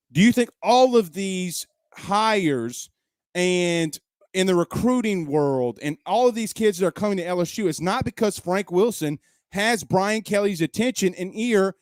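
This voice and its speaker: A man's voice: high voice, no echo, studio quality. Punchy, emphatic male sports talk host. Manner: emphatic, repeats points, fires off rhetorical questions. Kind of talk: opinionated sports talk commentary. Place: at home.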